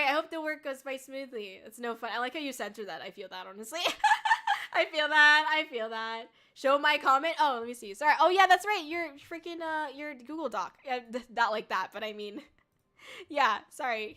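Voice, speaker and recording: A young woman streamer, a VTuber, chats casually with her viewers in a high-pitched, pushed, bright voice, talking a little fast. She giggles a lot, sounds bubbly, and uses plenty of filler words.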